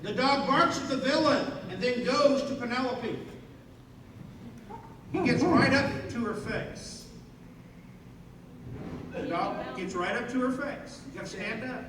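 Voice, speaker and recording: Slow, playful woman narrating a skit. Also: a little high, fairly bright tone, slight background noise. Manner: playful asides to the audience. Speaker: narrator leading an audience skit. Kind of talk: reading a skit script aloud and directing actors. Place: large hall with a live audience. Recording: echoey hall with audience from far off.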